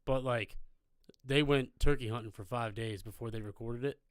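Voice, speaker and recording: A man co-hosting a podcast, rambling through stories with plenty of profanity. His voice sits at a middling pitch, and the sound is dry and close to the mic. It feels like relaxed, casual banter. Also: moderate pace, clean tone, no room sound. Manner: loose, rambling storyteller with lots of profanity. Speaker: podcast co-host. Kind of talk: casual chat. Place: live podcast recording.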